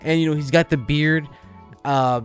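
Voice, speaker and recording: A man's voice: fairly high pitch, steady tone, normal speed, smooth, faint music behind. A man co-hosting a casual podcast about games, rambling enthusiastically with lots of fillers. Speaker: podcast co-host.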